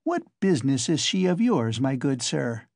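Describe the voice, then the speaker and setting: A man's voice: mid-range voice, very animated, moderate pace, creaky, a little mellow, dry recording, studio quality. A man reading the part of a suspicious old woman moneylender who speaks brusquely. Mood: curt.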